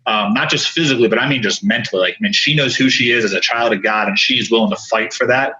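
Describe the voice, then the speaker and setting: A man speaking as a podcast guest and coach, telling candid stories in an animated, earnest way with many asides. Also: fairly low pitch, fast talker, muffled recording, a little hiss or hum. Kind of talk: candid storytelling in conversation.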